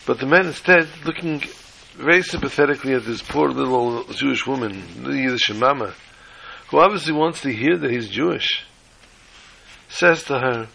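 A man teaching a sermon-style lesson and telling a joke along the way. His voice is gravelly and bright, with a husky edge. He restarts his phrases often and mixes in Hebrew and Yiddish words. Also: mid-range voice, lively intonation, a little fast, poor audio.

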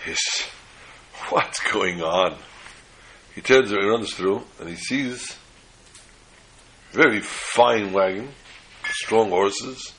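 A man telling a folk story in an animated way, slipping in Yiddish phrases. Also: on the low side, takes it slowly, pauses often, breathy edge, low-quality recording.

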